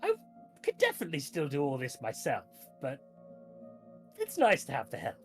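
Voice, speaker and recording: A woman voicing a kindly old male gnome lawkeeper who speaks in a measured, polite way. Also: sits low, huge pitch swings, faint music behind, full character voice.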